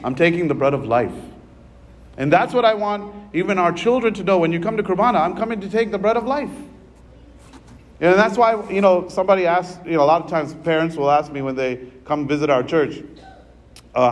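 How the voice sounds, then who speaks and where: A man's voice: on the high side, fairly quick. A man giving a sermon in a church as its priest, preaching in an earnest, conversational way with frequent asides to the congregation.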